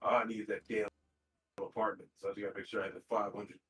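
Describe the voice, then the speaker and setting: A man's voice: on the low side, fast talker. A man streaming a game and chatting casually with friends, teasing and swearing a lot. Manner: profane, teasing, animated. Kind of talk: casual gaming chat with friends.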